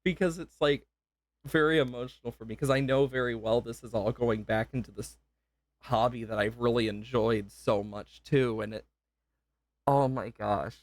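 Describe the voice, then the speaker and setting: A man's voice: mid-range voice, steady tone, normal speed, no echo. A young man livestreaming a game, emotional and gushing, rambling with self-interruptions and repeated thanks. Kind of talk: live gameplay stream chat.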